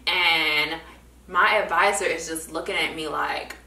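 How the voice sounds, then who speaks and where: A woman's voice: sits low, unhurried. Young woman vlogging, acts out quotes, sounds far off in an echoey room. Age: young adult. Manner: animated, acts out quoted people in different voices. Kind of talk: casual storytelling to camera.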